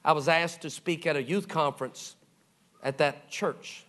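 A middle-aged man preaching with a somewhat high voice. He tells his stories with animation, playing out each voice and sinking into soft, low tones when the story turns tender. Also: fairly even intonation, unhurried. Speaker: pastor. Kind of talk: sermon storytelling.

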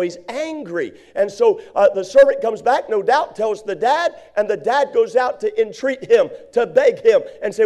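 A male preacher delivering a sermon, reading King James verses aloud. His voice sits high but sounds mellow and warm. He slips into quick impressions of the people he describes. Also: lively intonation.

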